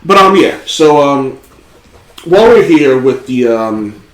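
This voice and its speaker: A man hosting a casual podcast, rambling and swearing as he tells stories. His voice sits at an ordinary middle pitch. The echoey room around him carries clearly on the recording. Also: slow pace. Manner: rambling, profane, animated storytelling. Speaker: podcast host. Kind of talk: casual chat.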